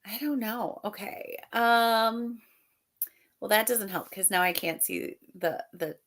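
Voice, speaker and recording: A woman's voice: mid-range voice, slow pace, a bit bright. A woman hosting a livestream in casual chat over a video call. She reads out viewer comments, laughs often and stumbles over her words. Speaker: livestream host.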